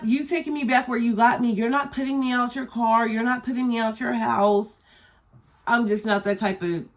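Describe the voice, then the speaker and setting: A young adult woman telling a storytime vlog in a blunt, animated, profane way. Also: medium pitch. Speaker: vlogger.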